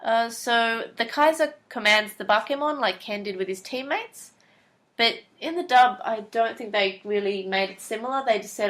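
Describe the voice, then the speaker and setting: A woman's voice: fairly high pitch, expressive, normal speed, fairly bright tone. A woman co-hosting a podcast, chatting casually as she recaps episode plots and quotes characters. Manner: chatty, recaps plot and acts out lines in quotes. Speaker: podcast co-host. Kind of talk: casual chat.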